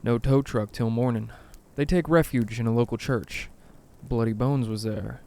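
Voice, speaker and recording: A male narrator telling spooky stories with dry, wry humor. His pitch sits in an ordinary middle range for a man, and he nudges his voice a little when he quotes other people. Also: normal speed, gravelly, warm tone. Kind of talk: storytelling narration of a scary greentext.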